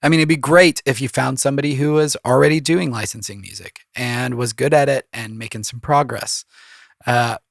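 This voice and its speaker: A man's voice: medium pitch, moderate pace, vocal fry, no echo, studio quality. A man with a cold, giving loose, rambling advice in a casual solo podcast, full of fillers. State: has a cold, voice deeper than usual. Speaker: composer and podcast host.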